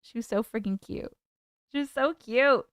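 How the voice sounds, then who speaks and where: A woman hosts a casual live stream from home and chats easily with her viewers, reading their comments aloud and thanking them as she goes. Her voice sits a little high and sounds smooth and clear. The sound is close and dry. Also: moderate pace, no echo. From United Kingdom. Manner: chatty, reads out and answers viewer comments.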